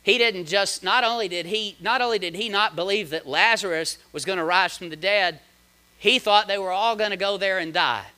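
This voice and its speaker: Bright, high-voiced man preaching dramatically. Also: moderate pace, smooth. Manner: dramatic preaching with big swings in loudness and pitch; reads scripture aloud and comments on it. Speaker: pastor. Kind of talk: sermon.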